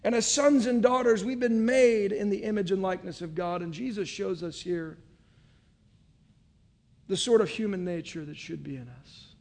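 A man with a notably high voice preaches a sermon. He reads a passage aloud, then retells it in expressive storytelling, often turning to his listeners with asides. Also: normal speed. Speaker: pastor.

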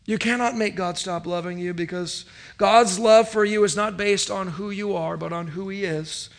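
A male pastor preaching a sermon, emphatic, moving between loud declarations and quiet asides and calling on the congregation to respond. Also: high voice, steady tone, normal speed, creaky.

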